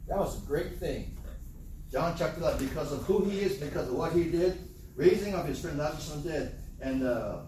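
A man's voice: fairly high pitch, a little mellow, recorded from a distance, a little hiss or hum. A man preaching a sermon in a conversational way, often asking his listeners rhetorical questions. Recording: very echoey room, voice from off-mic.

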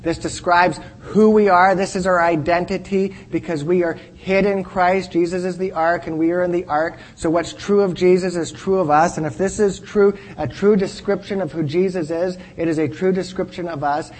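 A man with a high voice gives sermon-style teaching to a class. He speaks earnestly and drives each point home by repeating it. He often pauses to ask his listeners whether they follow. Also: steady tone, poor audio. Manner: earnest, repeats key phrases for emphasis, checks in with listeners.

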